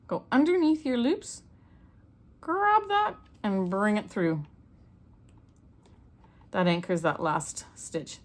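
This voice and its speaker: A middle-aged Canadian woman with a mid-range voice demonstrates loom knitting in a homey, chatty tutorial, narrating each step as she goes. There's slight background noise.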